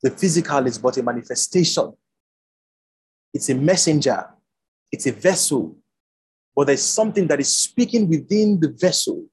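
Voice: medium pitch, lively intonation, moderate pace, pauses often, darkish tone, husky, poor audio. A preacher giving an online Bible teaching over a video call, repeating key words for emphasis.

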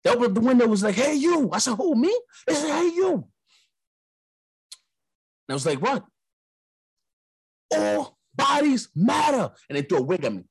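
Husky young New York man ranting. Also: very high voice, fairly quick, long pauses. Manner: animated storyteller, acts out quotes. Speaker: podcast host. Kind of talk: casual monologue.

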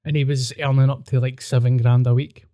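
A man's voice: mid-range voice, little pitch movement, brisk, mellow, no room sound, studio quality. A man co-hosting a podcast in casual chat, sweary, blunt and self-mocking. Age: 30s. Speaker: podcast co-host.

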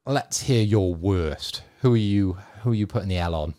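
Wry man hosting, fairly low voice. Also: warm tone. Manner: wry, self-deprecating, brisk segment hosting. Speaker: podcast host. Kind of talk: casual banter among friends.

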